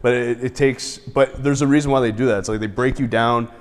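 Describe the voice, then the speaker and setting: A man with a medium-pitched, steady voice speaks fairly quickly, with the sound of a big room. Appearing as a podcast guest, he tells profanity-filled stories casually, breaking into laughter and acting out what people said.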